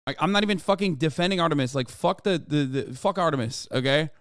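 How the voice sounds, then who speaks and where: A man's voice: fairly high pitch, quick pace, a bit bright, no echo, clean studio sound. A man streaming a casual reaction commentary, ranting in an exasperated, profane way.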